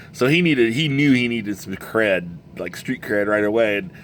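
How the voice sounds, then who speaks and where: Man, very low voice, casual rambling chat, game master, self-correcting, faint hiss. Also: expressive, normal speed. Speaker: game master reviewing a box set. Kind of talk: casual show-and-tell chat.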